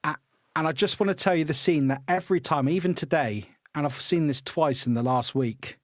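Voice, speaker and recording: A man hosts a casual film podcast with a fairly high voice. He talks eagerly and often restarts his sentences, and the sound is dry and close to the mic. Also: a little fast, dry recording. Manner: enthusiastic, stammers and restarts. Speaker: podcast host. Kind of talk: casual film-review chat.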